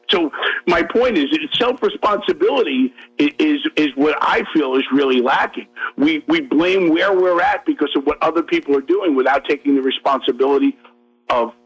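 Husky man, somewhat high voice, emphatic radio talk, faint music underneath. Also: a bit bright, dull audio. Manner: emphatic, fast-talking, repeats himself. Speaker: guest. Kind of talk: heated radio talk show debate.

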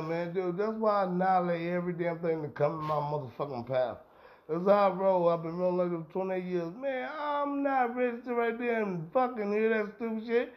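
A middle-aged man hosting a podcast, ranting in a heated, profane, rambling way. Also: high-pitched. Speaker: podcast host. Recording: dull lo-fi sound.

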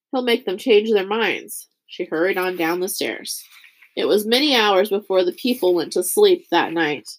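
A woman reading a chapter book aloud as narrator, raising her pitch for the characters' lines. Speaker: audiobook reader. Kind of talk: scripted narration.

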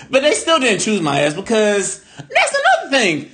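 A man co-hosting a casual podcast chat, telling stories in an animated, profane way. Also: high-pitched, brisk, a little hiss or hum. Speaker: podcast co-host.

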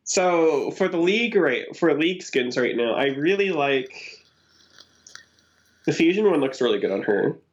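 Excited giggly guy gushing about a game, muffled lo-fi mic. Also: on the high side, a little slow. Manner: enthusiastic, giggly. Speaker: podcast co-host. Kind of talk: casual gaming chat. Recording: dull lo-fi sound.

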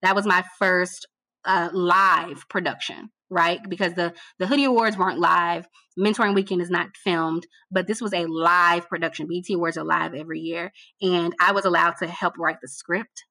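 Emphatic, bright-voiced woman telling a story. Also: lowish voice, moderate pace, dry recording. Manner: animated, emphatic, repeats phrases for effect; colloquial, addresses listener as girl. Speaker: guest, TV producer. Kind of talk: casual storytelling interview.

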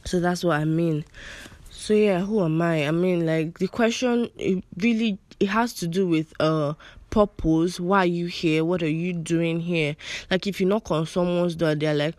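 A young woman with a Nigerian American accent talks through her solo podcast episode, rambling and joking at her own expense. Her voice sits fairly low for a woman. The recording is close and dry, with no room sound. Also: normal speed, darkish tone, dry recording. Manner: chatty, self-deprecating, rambling with fillers. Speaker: podcast host. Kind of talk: casual solo podcast talk.

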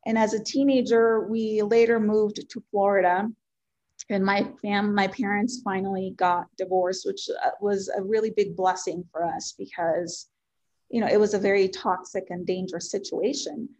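A woman's voice: mid-range voice, flat delivery, darkish tone. Earnest woman, Spanish her first language. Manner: earnest, heartfelt, with frequent ums and pauses. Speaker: interview guest. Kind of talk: personal life story in conversation.

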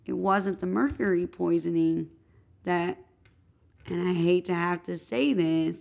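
Woman podcast co-host, gravelly tone, earnest casual storyteller. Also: on the low side, a little slow, darkish tone. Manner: earnest, retelling events step by step.

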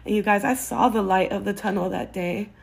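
A woman's voice: mid-range voice, a little fast, vocal fry, husky. A woman podcast host giving personal faith-based advice, earnest and candid, with casual swearing.

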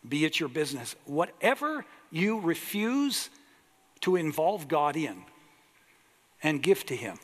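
A man's voice: a little high, fairly bright tone. A man preaching a sermon as pastor, earnest and emphatic, drawing out his key words. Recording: long echo of a large hall.

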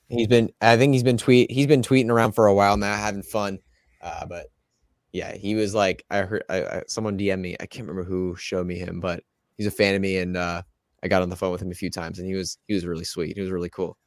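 A man's voice: low voice, no echo, studio quality. A man co-hosting a fantasy football podcast, telling a story in a rambling way with lots of fillers. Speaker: podcast co-host. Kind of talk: casual chat.

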